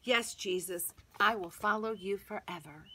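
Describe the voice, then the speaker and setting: A woman voicing Peter, a remorseful grown man who answers in a hushed, tearful whisper. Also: medium pitch, a little slow, a little hiss or hum.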